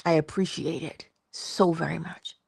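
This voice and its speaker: Woman hosting a morning inspiration livestream, low voice, dry close sound, musing and affectionate. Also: fairly even intonation, moderate pace, vocal fry, breathy edge, no room sound. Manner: musing, affectionate, drifts between hushed asides and bursts of laughter. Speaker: livestream host. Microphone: livestream mic.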